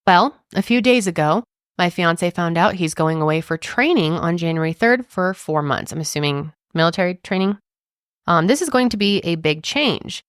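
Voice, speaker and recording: A chatty woman co-host with a lowish voice, reading a forum post aloud with lively emphasis. The sound is dry and close, with no room echo. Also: moderate pace, clear, resonant tone. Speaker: podcast co-host.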